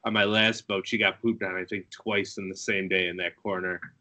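Low, bright-voiced chatty man. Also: little pitch movement, a little fast. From Buffalo area, USA. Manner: chatty, laughs through his stories. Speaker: guest angler. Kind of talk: casual podcast chat.

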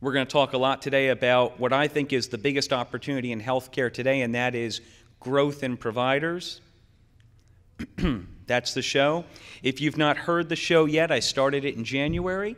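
A middle-aged man giving a conference keynote in a folksy, joking and energetic way. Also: mid-range voice, moderate pace. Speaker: keynote speaker. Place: conference hall. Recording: long hall reverb.

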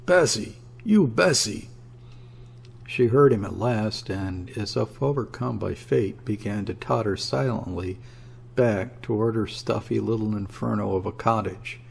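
A man narrating a classic story in a measured, dramatic reading. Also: on the low side, vocal fry, a little mellow, slight background noise. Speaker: audiobook narrator.

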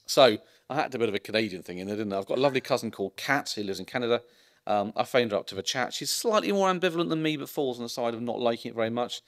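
A man's voice: mid-range voice, expressive, rapid-fire. A middle-aged male doctor giving a public talk, telling anecdotes in a chatty way with ironic asides and frequent ums. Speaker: consultant geriatrician giving a public lecture. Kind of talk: informal public lecture.

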